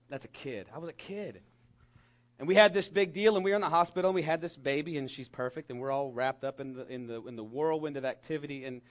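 A middle-aged man preaching a sermon to young people, animated and emphatic, dropping at times to a soft whisper. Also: fairly high pitch. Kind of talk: sermon to a youth congregation.

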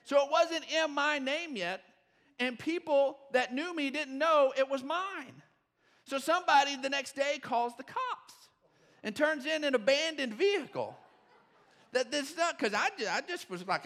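A middle-aged male pastor preaching a sermon, telling a story with fillers and restarts before he builds to shouted points. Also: very high-pitched, animated, normal speed, long reverb tail. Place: church sanctuary.

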